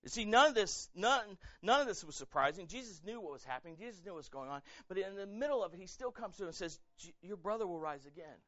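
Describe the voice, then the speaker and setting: A male pastor preaching a sermon in a casual, animated way, acting out quotes and repeating words as he talks. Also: high voice, fast, hardly any pauses, no echo, muffled recording. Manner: animated, conversational, acts out quotes, many fillers and repeats.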